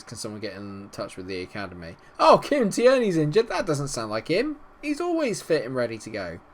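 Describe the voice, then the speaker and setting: A young man commentating on his football management game, swinging from low muttering to excited shouting. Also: slight background noise. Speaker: gaming YouTuber. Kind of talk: let's-play commentary.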